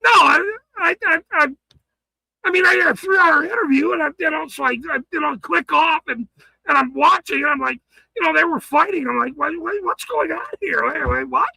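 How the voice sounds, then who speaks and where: An angry man ranting on his livestream, swearing hard, stammering and shouting. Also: very high voice, a little fast, gravelly, no echo, low-quality recording. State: furious.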